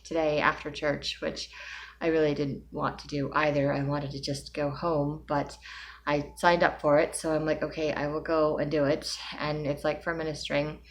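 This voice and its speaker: Weary low-voiced woman with a migraine. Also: little pitch movement, normal speed. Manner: weary, rambling, with sighs and soft laughs. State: tired with a migraine. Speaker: vlogger. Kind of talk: casual personal vlog.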